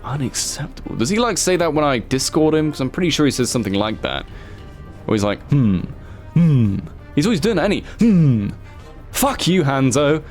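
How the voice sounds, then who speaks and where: A man giving casual, excitable commentary as a gaming YouTuber. He swears freely and jokingly scolds himself as he talks. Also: a little high, fast talker, soft background music.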